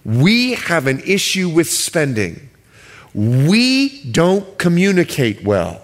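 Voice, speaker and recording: A male pastor from the Bahamas preaching a sermon. He stretches key words slowly for emphasis and jokes with the congregation. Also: fairly high pitch, wildly swooping pitch.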